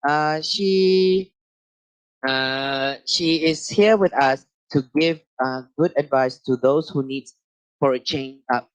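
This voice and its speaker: A man with a Malaysian accent hosting a live online talk show, talking haltingly with many uh and um fillers and repeated phrases. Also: a little high, smooth, no echo. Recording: muffled lo-fi dry sound.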